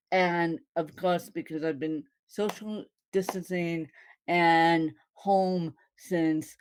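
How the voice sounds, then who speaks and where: A woman's voice: fairly low pitch, a little mellow. A woman content creator chatting casually to her fans, often repeating herself and laughing. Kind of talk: casual vlog talk to fans.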